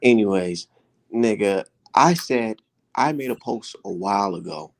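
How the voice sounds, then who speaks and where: A man with a low voice and a gravelly, fry-laden edge holds forth in a casual boxing chat. He is blunt and profane and circles back over his own words. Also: expressive, a little slow. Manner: blunt, profane, repeats himself. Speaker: boxing podcast co-host.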